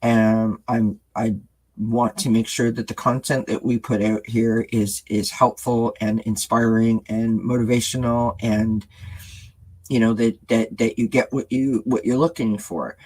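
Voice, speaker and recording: A man with a low, husky voice talks to his viewers in a casual, gentle way. He halts often, fills gaps with ums and restarts his sentences. The tone stays earnest and sincere. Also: little pitch movement, low-quality recording. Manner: halting, full of ums and restarts. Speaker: tarot reader and channel host.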